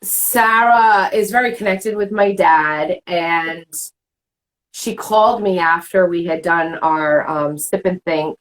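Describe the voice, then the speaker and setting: A woman's voice: fairly low pitch, takes it slowly, poor audio. A woman hosting a casual chat, talking candidly in a rambling way and acting out what people said. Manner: candid, rambling, acts out quoted remarks. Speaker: host.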